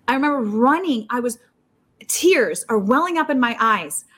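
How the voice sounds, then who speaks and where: A woman guest telling a story in an interview, her voice sitting a little high. She talks fast and chatty, restarting sentences as she goes. She leaps up in pitch whenever she acts out what someone said. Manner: animated, acts out quotes with big leaps in pitch. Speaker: poker player. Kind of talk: casual storytelling.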